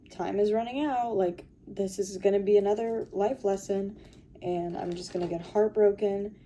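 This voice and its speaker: A woman's voice: mid-range voice, warm tone, a little hiss or hum. A young woman talking in a casual confessional vlog, rambling with lots of fillers and sounding tired while she sorts through her makeup and purse. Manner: rambling, filler-heavy, weary. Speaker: vlogger.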